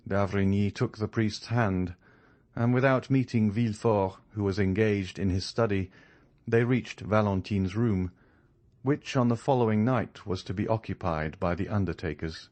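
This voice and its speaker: Audiobook narrator, man, low voice, measured reading. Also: darkish tone. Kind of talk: scripted narration.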